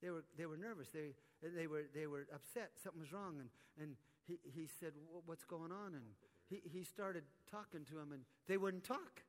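Man, high voice, storytelling preacher, animated, repeats words, echoey conference hall. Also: moderate pace. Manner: animated, repetitive stammering. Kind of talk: storytelling sermon. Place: conference hall, live audience.

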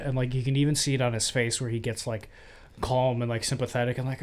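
A man in casual conversation about a movie, animated and swearing freely, often acting out characters' lines. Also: medium pitch, brisk. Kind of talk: casual film discussion.

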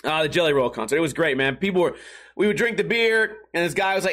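A man's voice: fairly high pitch, lively intonation, quick pace, fairly bright tone. Rambling, profane man telling a story. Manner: rambling, profane, laughs often. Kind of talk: casual storytelling monologue.

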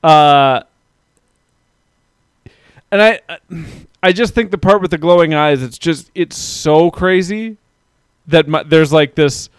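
Chatty man with a smooth, dry voice. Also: fairly high pitch, slow pace, pauses often, no room sound. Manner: chatty, self-deprecating, reads out listener comments. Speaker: podcast host. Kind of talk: casual chat.

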